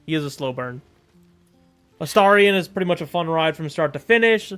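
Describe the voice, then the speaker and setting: A man from Europe with a fairly high voice chats loosely as he streams a game, joking and rambling and breaking into laughter often. Faint game music plays under his talk. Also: lively intonation, brisk, fairly bright tone, smooth. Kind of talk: casual gameplay commentary.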